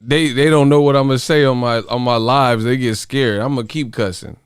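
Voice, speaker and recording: A man hosts a boxing live stream, profane and joking. His voice is smooth and clear on a close, dry mic. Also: mid-range voice, moderate pace, dry recording. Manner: profane, laughing, animated rants. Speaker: boxing channel host. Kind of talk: casual live-stream chat.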